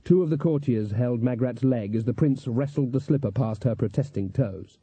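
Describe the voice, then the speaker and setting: A male audiobook narrator reading in an even, measured way. His voice is very dark with a husky edge. The recording is dry and somewhat dull, like a lo-fi studio read. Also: mid-range voice, dry recording. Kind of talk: scripted narration.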